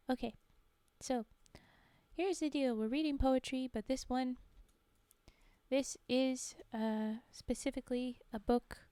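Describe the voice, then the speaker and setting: A woman streamer chatting casually and haltingly between poems, with many soft fillers. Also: fairly high pitch, smooth, dry recording. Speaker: streamer reading poetry. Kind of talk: casual live-stream chat.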